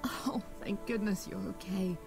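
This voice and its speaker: A woman voicing a caring, worried mother in a video game, with a gentle, coaxing manner. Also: medium pitch, steady tone, unhurried, music in the background, close to an everyday voice. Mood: relieved.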